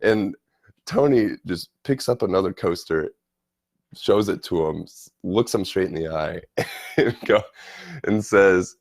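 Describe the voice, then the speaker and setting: A man tells a story from a trip in a loose, animated way, stumbling over repeated words as he goes. His voice is very deep with a gravelly fry, and it is recorded close and dry. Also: measured pace, dry recording. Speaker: vlogger telling a travel story. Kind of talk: casual storytelling.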